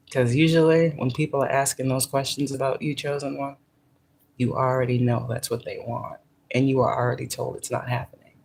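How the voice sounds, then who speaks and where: A woman's voice: a bass voice, level tone, moderate pace, vocal fry, long pauses, a little mellow. A woman giving a casual spiritual pep talk, cursing freely and talking with emphasis. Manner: profane and emphatic, acting out quoted voices. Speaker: spiritual teacher; workplace manager.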